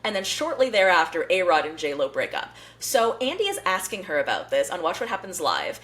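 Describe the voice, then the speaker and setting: A woman with a lowish voice hosts a casual pop-culture podcast. Her pitch swings widely as she chats, with lots of "like" fillers. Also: huge pitch swings, a little fast, fairly bright tone. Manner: chatty, many fillers like "like". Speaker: podcast host.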